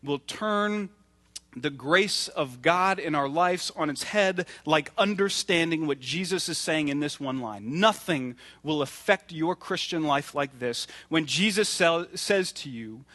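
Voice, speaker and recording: A man's voice: on the high side, expressive, measured pace, sharp tone. A man in his thirties preaching a sermon in an earnest, conversational way, acting out little stories as he goes. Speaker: pastor.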